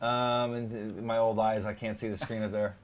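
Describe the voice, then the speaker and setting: A man co-hosting a live stream, chatting casually and teasing his co-host, quick to laugh. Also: fairly low pitch, level tone.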